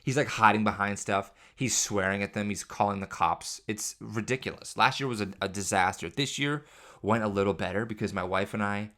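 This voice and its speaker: Brisk and sharp in tone, a podcast host with a fairly low voice runs a casual, comedic solo monologue. He wanders between parenting stories, cracking jokes and exaggerating as he goes.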